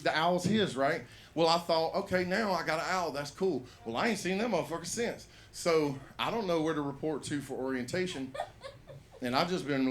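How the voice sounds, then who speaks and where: A man's voice: fairly high pitch, slight background noise. A man telling a rambling, profane stand-up story at an open mic in a comedy bar.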